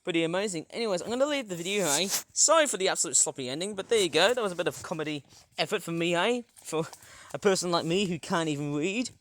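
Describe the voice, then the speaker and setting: A man's voice: high voice, animated, quick pace, fairly bright tone. A man casually vlogging from his backyard garden, rambling, joking at himself and tripping over his words. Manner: rambling, self-mocking, stumbles over words.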